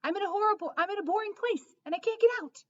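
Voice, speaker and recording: A woman voicing an excitable, devoted pet dog that barks its words in a high, loud, eager voice. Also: fast talker, distant mic, highs cut off. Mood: frantic.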